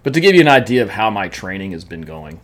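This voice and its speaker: Low-voiced man telling training mishaps. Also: very animated, fast. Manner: chatty, laughs while telling mishaps, repeats words. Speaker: amateur triathlete vlogger. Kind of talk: casual storytelling vlog.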